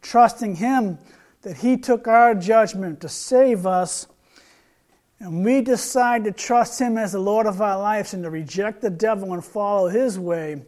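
Male street preacher, high voice, earnest, repeats himself while reading scripture. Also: unhurried, darkish tone. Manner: earnest, repeats words and restarts, reads scripture aloud. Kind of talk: sermon with retold street conversation.

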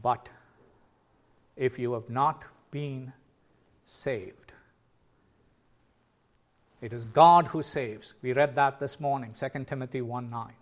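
A man preaching a sermon, earnest, with sudden loud emphatic calls. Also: mid-range voice, steady tone, takes it slowly, long pauses.

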